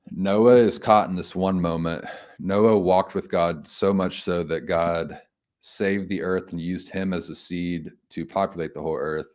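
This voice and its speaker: A man giving an informal Bible commentary, reflective and halting, thinking aloud with frequent restarts. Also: low-pitched, a little mellow. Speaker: homily speaker.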